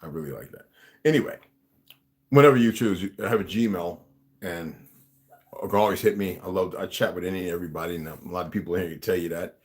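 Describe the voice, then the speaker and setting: A man's voice: low voice, fast. A man talking casually to his viewers, rambling with many restarts and asides.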